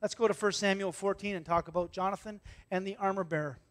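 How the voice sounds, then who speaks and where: Pastor, male, high-pitched, animated sermon delivery with acted-out voices, loud-to-hushed swings. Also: quick pace. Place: church.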